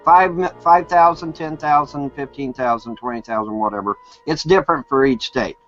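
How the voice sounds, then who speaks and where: A man's voice: mid-range voice, moderate pace, fairly bright tone, faint music behind. A man with a Kentucky accent arguing insistently in a voice chat, explaining his point over interruptions. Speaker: voice chat participant. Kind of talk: heated argument. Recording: dull lo-fi voice chat.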